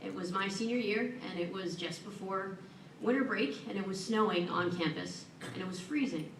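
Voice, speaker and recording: A woman's voice: mid-range voice, normal speed, a little hiss or hum. Woman giving an earnest acceptance speech. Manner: earnest and warm, with self-deprecating humor. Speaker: hall of fame inductee giving acceptance speech. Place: large event hall at an awards ceremony. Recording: echoey room, voice from far off.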